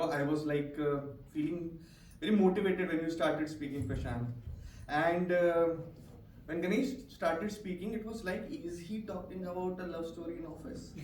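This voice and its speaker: A man's voice: a little high, a little hiss or hum. Encouraging man coaching a group. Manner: encouraging, coaching, frequent "right?" tags. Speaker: language evaluator at a speaking club. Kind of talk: meeting feedback and group speech drill. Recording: echoey room, distant mic.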